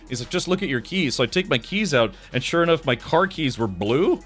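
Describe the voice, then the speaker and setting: A man's voice: mid-range voice, very animated, fairly quick, few pauses, a bit bright, faint music behind. A man hosting a live stream in casual chat, tired, rambling through stories and making mouth sound effects.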